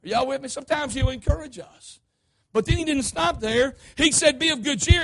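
A man preaching a sermon, emphatic and repetitive, calling out to the congregation and swinging between shouts and hushed asides. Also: extremely high pitch, brisk. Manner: emphatic, repetitive, call-and-response.

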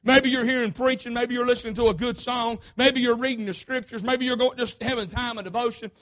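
A man preaching a sermon, emphatic and repetitive, calling out to the congregation and swinging between shouts and hushed asides. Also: extremely high pitch, fairly even intonation, fairly quick. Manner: emphatic, repetitive, call-and-response.

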